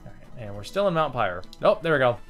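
A man narrating his own gameplay in a loose, swearing, chatty way. His pitch sits mid-range but moves a lot, jumping up when something surprises him. Soft music plays faintly behind. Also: sing-song, quick pace. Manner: chatty, profane, easily amused. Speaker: let's play host. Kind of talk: casual gameplay commentary.

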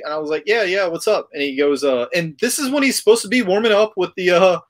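A man's voice: high voice, a little fast, few pauses. A man hosting a hobby podcast, casually retelling a trip story with lots of fillers. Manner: rambling, animated retelling with filler words. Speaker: podcast host.

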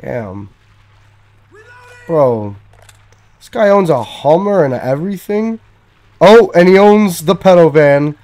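A man's voice: fairly high pitch, lively intonation, slow pace, long pauses, a little mellow. A young man from Canada, giving casual, profane commentary as he plays and talks to himself. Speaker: gamer.

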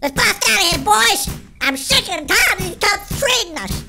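A performer voicing an excitable cartoon chipmunk in a sped-up chipmunk filter, giving panicky, shrieky game commentary as the channel host. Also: very high-pitched, normal speed, gravelly, exaggerated voice. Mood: frantic. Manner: shrieky, panicky, constantly shouting to friends. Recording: noisy game sounds behind.

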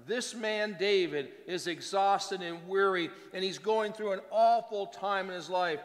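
A man's voice: high voice, a little slow, hardly any pauses. Man preaching in a reverberant hall. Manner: preaching with wide swings between soft and loud. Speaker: pastor. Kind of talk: sermon.

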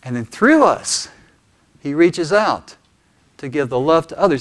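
A man preaching a sermon as pastor, telling stories earnestly with deliberate pauses. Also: fairly high pitch, lively intonation.

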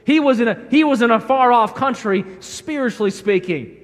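A man's voice: very high-pitched, lively intonation, normal speed. A man preaching a sermon as a pastor, emphatic, acting out the people he quotes. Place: church sanctuary. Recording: reverberant church sanctuary.

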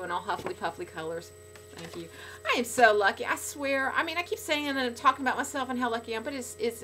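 A woman's voice: medium pitch, slight background noise. Bubbly, gushing middle-aged woman. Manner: bubbly, gushing, swings between loud excitement and soft sincerity. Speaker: podcast regular speaking to fans. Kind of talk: casual video blog.

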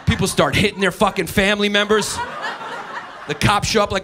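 A man from New York doing a brash, profane stand-up set, mocking and shouting his punchlines to a live audience. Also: high voice, steady tone, brisk, a little hiss or hum. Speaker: stand-up comedian. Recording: live club audience, music behind.

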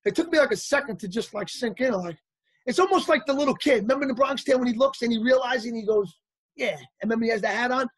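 Male interview guest, husky and lively, telling anecdotes in a dry, close recording. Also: very high voice, quick pace, no room sound. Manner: animated anecdotal storyteller, acts out quotes. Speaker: actor guest. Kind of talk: casual storytelling interview.

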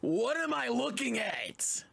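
A young man reacting to music videos, loud and often yelling and laughing, with a husky voice. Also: extremely high pitch, very animated, takes it slowly. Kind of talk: casual reaction commentary.

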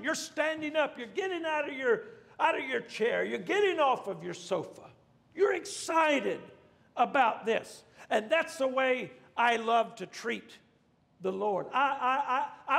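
High-voiced pastor preaching in a hall. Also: male voice, creaky, fairly bright tone. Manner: fervent, repetitive preaching with restarts. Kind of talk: sermon.

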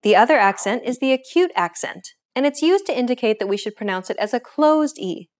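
A woman hosting a scripted beginner language lesson. She explains each grammar point in a clear, steady teaching voice. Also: fairly high pitch, brisk.

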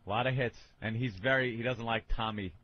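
A man's voice: medium pitch, fairly even intonation, quick pace, dull audio. A man hosting a radio show, needling his guests and egging them on. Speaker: radio host. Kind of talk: comic radio banter.

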